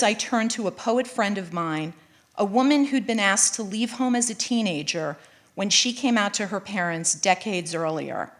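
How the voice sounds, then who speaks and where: Middle-aged woman, writer reading her personal essay live; measured, earnest delivery, mid-range voice. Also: mid-range voice, a bit bright. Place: college event space, live audience.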